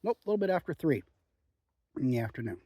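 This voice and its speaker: A man's voice: mid-range voice, quick pace, no room sound. Chatty man rambling outdoors, dry sound. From Oregon. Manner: chatty, relaxed, frequent "um" and "you know". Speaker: outdoor vlogger reviewing chewing tobacco. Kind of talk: rambling casual monologue. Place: outdoors in the woods.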